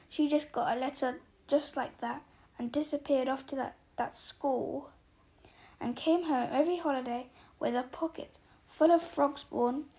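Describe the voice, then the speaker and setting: A woman voicing a bitter, shrill middle-aged aunt who rants and shrieks, in an audiobook reading. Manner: shrieking, ranting.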